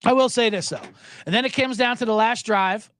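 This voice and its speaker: With an extremely high, slightly bright, smooth voice, a sports podcast host rants briskly and energetically. His profane commentary comes with chuckling asides.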